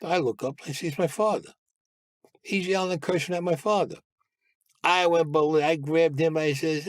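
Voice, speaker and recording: A man's voice: a little high, fairly quick, no echo, studio quality. Blunt, profane man telling old stories. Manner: blunt, profane, acts out quoted dialogue. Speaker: guest recounting past crimes. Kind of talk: storytelling interview.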